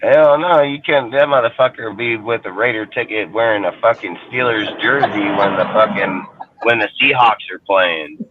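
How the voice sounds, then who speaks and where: A man's voice: fairly low pitch, normal speed, noisy background. Foul-mouthed man on a tinny line. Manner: loud, crude, heavy swearing, acts out fans. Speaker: podcast co-host. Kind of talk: profane casual sports chat. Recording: phone-like narrow band.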